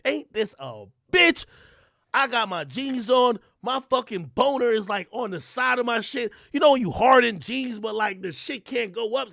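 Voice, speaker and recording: A young man streaming, telling a crude story in a casual, profane way, swinging from low mumbles to loud outbursts. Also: vocal fry, dry recording, clean studio sound. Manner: animated, profane, swings between mumbling and yelling.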